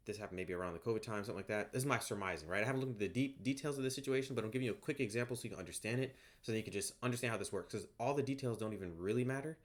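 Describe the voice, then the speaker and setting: A man explaining off the cuff at home, rambling and conversational, tossing in "right?" as he goes. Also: on the low side. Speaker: online course creator. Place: home, by a bed.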